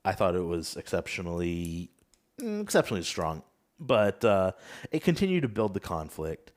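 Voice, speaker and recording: A man hosting a casual podcast discussion, recapping in a measured, thoughtful way with some hesitations. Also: deep voice, big pitch swings. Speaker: podcast host.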